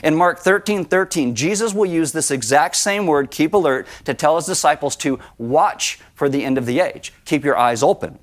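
A middle-aged man preaching a sermon in an animated way, sometimes acting out Bible scenes with sudden high cries. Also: normal speed, hardly any pauses. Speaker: pastor.

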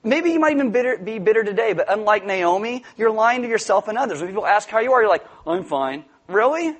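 A male pastor preaching a sermon to his congregation in a joking, conversational way, with sudden loud outbursts. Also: sits high, expressive, fast. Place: church before a congregation.

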